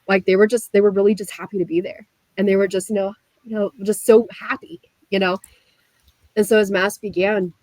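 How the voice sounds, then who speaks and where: A young woman from the US Midwest telling her story as a guest, animated and full of "like" fillers. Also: mid-range voice, no echo, rough recording. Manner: animated, frequent "like" fillers, laughs while telling. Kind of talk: casual storytelling.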